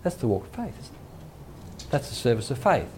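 A man's voice: mid-range voice, big pitch swings, normal speed, darkish tone. A male pastor giving a conversational sermon, acting out quoted voices, with faint background noise.

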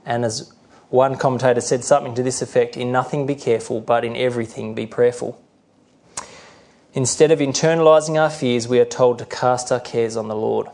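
Middle-aged guy preaching, earnest, acts out voices now and then, average pitch. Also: fairly even intonation, brisk, darkish tone. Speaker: pastor. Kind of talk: sermon.

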